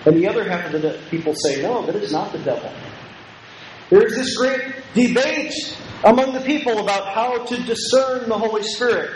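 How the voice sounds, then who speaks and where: A man's very high-pitched voice moves fairly quickly as he preaches an emphatic, repetitive Bible lecture, calling out for his listeners to respond. The sound is echoey, from a lecture hall, with a faint noise underneath.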